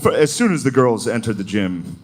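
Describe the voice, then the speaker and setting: A man's voice: medium pitch, very animated, fairly quick. A man doing a stand-up comedy set, telling stories in a crude, profane and laughing way. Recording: noisy live recording.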